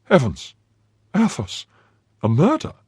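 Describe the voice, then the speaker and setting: A man's voice: medium pitch, brisk, a little mellow, no echo, studio quality, voice pushed up, close to an everyday voice. A man voicing an impulsive young swordsman, speaking in raised, startled exclamations. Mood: shocked. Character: young male swordsman, impulsive and easily shocked.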